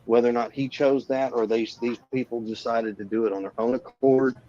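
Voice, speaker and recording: A man, a parent of a missing child, answering interview questions in a measured, defensive way with emphatic yeses. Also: medium pitch, fairly even intonation, mellow, dull audio.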